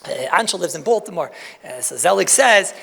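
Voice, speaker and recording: A man with gives a Talmud lecture in an echoing hall. His voice sits high and gravelly, and he talks in an animated, folksy way full of rhetorical questions and asides. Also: a little fast, noisy background. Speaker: rabbi giving a Talmud lecture. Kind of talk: lecture to a crowd.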